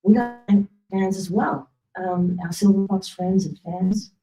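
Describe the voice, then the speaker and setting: A woman giving an excited, laughing acceptance speech and thanking her team. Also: mid-range voice, a little slow, low-quality recording. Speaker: award winner. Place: awards ceremony stage.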